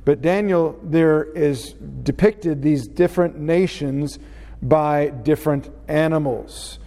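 A man teaching a Bible class in an unhurried way, often pausing with "uh" fillers. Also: on the high side, dark tone. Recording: long reverb in a hall.

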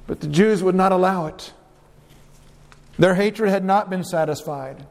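Male pastor, high voice, emphatic verse-by-verse preaching, long hall reverb. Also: moderate pace, a little mellow. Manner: reads scripture verses aloud and explains them, emphatic. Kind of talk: expository sermon.

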